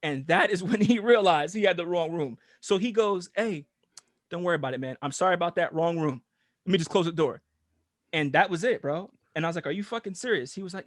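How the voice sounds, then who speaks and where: A man co-hosting a podcast, telling a story in a casual, profane and animated way and laughing often. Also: high voice, a little fast, dry recording, clean studio sound. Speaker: podcast co-host.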